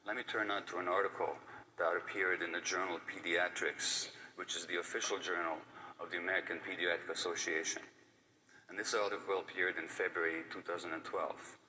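A man's voice: low-pitched, level tone, a little fast, bright, forceful tone. An older man giving an earnest conference talk, stressing and repeating his key points. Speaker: lecturer. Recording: distant mic with faint background noise.

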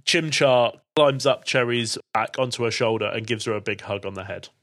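A man narrates a tabletop role-play as game master. His voice sits at a middle pitch and he keeps a relaxed, jokey manner. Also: moderate pace, a little hiss or hum.

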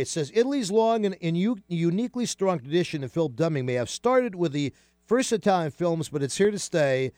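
A man hosting a casual radio talk show, chatty and animated, with many fillers and restarts. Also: a little high, dry recording, clean studio sound.

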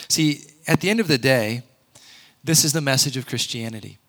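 Bright-voiced earnest male preacher. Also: medium pitch, normal speed. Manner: conversational, earnest, with sudden loud emphatic peaks. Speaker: pastor. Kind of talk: sermon.

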